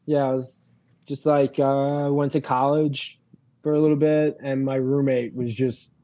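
A man's voice: mid-range voice, flat delivery, a little slow, warm tone, muffled recording. A young man from Long Island with a local accent, a band frontman telling stories in a casual interview, rambling and swearing freely, with lots of fillers. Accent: Long Island New York.

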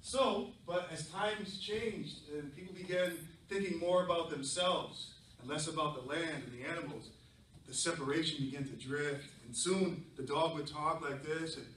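Animated storyteller guy, bright voice, lots of um's, echoey room heard from far off. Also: fairly high pitch, moderate pace, slight background noise. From southern New England. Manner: animated, playful, many fillers. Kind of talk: live storytelling to children. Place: library event room.

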